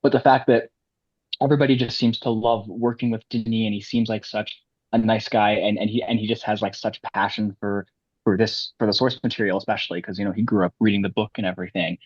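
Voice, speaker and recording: A low-voiced man with a husky edge rambles through his opinions, circling back often as he talks. His voice sounds dry and a bit dull, recorded close. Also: steady tone, fast, dry recording. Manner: rambling, many restarts. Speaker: podcast co-host. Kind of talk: casual chat.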